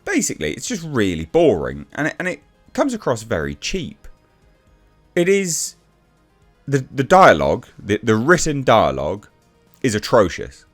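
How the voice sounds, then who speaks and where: A man's voice: medium pitch, huge pitch swings, moderate pace, faint music behind. A man giving a blunt, exasperated casual review rant, with frequent restarts and swearing.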